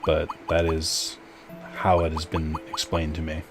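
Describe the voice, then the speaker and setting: Low-voiced man rambling on a stream. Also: completely flat delivery, unhurried, music in the background. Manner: rambling, chatty, many fillers and restarts. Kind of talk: casual live-stream chat while gaming.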